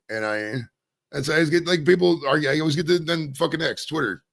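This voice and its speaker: A man's voice: mid-range voice, fairly even intonation, a little fast, vocal fry, fairly bright tone. A man from Maine hosting his own stream, rambling casually with lots of swearing. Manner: rambling, profane, loose and conversational. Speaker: streamer and show host. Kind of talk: casual solo stream chat.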